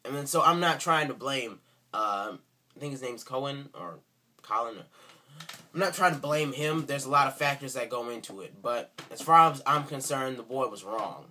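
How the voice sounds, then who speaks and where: A man's voice: medium pitch, expressive, normal speed, pushed and bright, a little hiss or hum. A man speaking in an indignant, sarcastic rant for a response video, repeating himself for emphasis. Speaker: video commentator.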